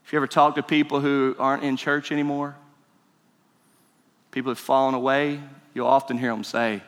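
A male pastor preaching a sermon, emphatic and swinging between loud and hushed. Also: mid-range voice, little pitch movement, moderate pace. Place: church sanctuary. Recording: reverberant church hall.

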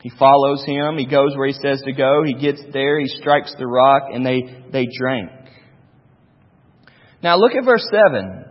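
A man's voice: medium pitch, expressive, a little slow. A man, preaching a sermon as pastor with emphatic repetition and homely asides. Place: church sanctuary. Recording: dull reverberant hall.

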